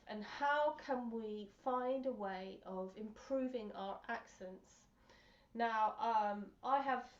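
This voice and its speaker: A woman with an English accent gives a casual pronunciation lesson to camera, hesitant and a little self-conscious, with many pauses. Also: a little high. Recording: roomy, distant, dull sound.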